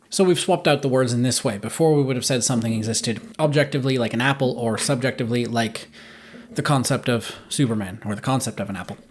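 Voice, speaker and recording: A man giving a scripted philosophical monologue for his video essay, reasoning aloud in an earnest way and correcting himself as he goes. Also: mid-range voice.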